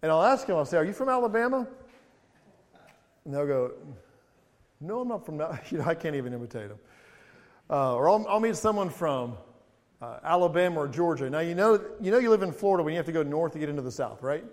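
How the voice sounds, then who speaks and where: A man's voice: a little high, animated, quick pace. A man preaching a sermon as pastor, reading scripture aloud with rising emphasis and breaking into chatty, humorous asides. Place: church sanctuary. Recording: reverberant church hall.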